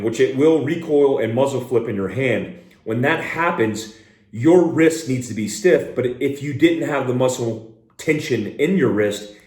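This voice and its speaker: A man leads a shooting lesson as a firearms instructor, talking in a direct, plain-spoken way and calling out short, sharp drill commands. His voice sits at an ordinary middle pitch. He is recorded indoors, and the room adds a noticeable echo. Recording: roomy echo.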